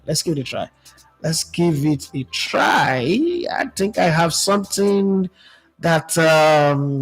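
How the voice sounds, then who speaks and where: A man's voice: a little high, low-quality recording. Chatty Nigerian man hosting a football stream. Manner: chatty, mixes Pidgin with English, reads out viewer comments. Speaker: football show host. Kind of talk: casual live-stream chat.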